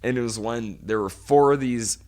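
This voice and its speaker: A man's voice: mid-range voice, moderate pace, darkish tone. A man in his forties co-hosting a podcast, telling a long profane story in casual chat. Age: 40s. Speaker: podcast co-host.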